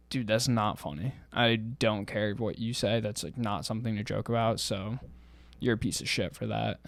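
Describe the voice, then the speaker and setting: A man's voice: fairly low pitch, vocal fry, no room sound. Blunt young man ranting, dry sound. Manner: profane, heated and blunt. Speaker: podcast host. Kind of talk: casual reaction chat.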